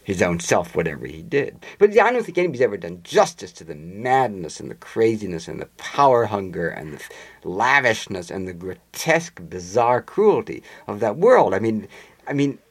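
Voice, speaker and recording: A man's voice: on the low side, moderate pace, husky. A man being interviewed, telling long anecdotes in a conversational way and acting out the voices of the people in them. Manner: animated raconteur, acts out quoted voices. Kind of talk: conversational storytelling.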